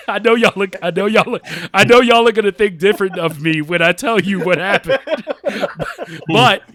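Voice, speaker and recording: A man's voice: sits high, normal speed. A man on a podcast telling stories in a casual chat, laughing often and drawing out his punchlines. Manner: animated, laughs often mid-story. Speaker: podcast co-host.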